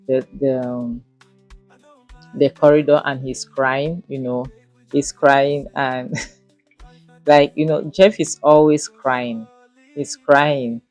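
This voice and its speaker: A woman's voice: very deep voice, darkish tone, dry recording. A Nigerian woman recapping and reviewing a drama episode in a casual, rambling way, with many fillers. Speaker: series reviewer.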